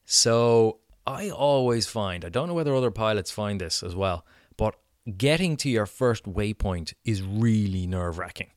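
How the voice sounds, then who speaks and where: Low-voiced Irish man telling a story. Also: expressive, moderate pace, hardly any pauses, no room sound, studio quality. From Ireland. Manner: chatty, lots of "you know" fillers. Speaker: podcast host. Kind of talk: casual storytelling monologue.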